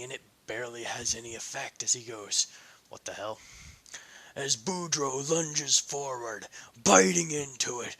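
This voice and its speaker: A man reads a fan story aloud in a loose, casual way and corrects himself as he goes. His voice is very bright with a husky edge. He takes his time. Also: mid-range voice. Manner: casual, self-correcting narration.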